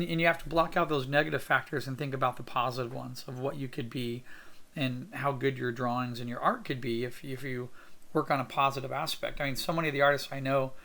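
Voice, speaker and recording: Male art instructor, casual tutorial talk, raspy fry in the voice, positive and chatty. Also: mid-range voice, a bit bright. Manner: upbeat, encouraging, thinks aloud with fillers. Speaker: art teacher sketching on camera. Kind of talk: casual drawing tutorial narration.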